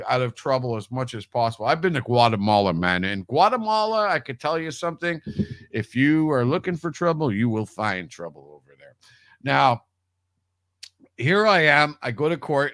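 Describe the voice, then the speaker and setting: A man's voice: mid-range voice, expressive, moderate pace, a bit bright, dry recording. A man telling a long personal story in casual radio chat, rambling with restarts and swearing freely. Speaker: radio show guest.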